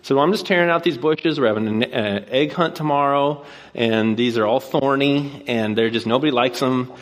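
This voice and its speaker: Male pastor with a medium-pitched voice, preaching from a stage in an easygoing, anecdotal way that builds into rhetorical questions. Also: moderate pace. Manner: conversational storyteller, asks repeated rhetorical questions. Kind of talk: sermon with personal anecdote.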